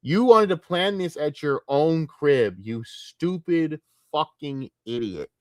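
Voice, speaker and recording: A man's voice: a little high, expressive, takes it slowly, no echo, studio quality. A man streaming late at night, ranting with a lot of profanity and getting easily distracted.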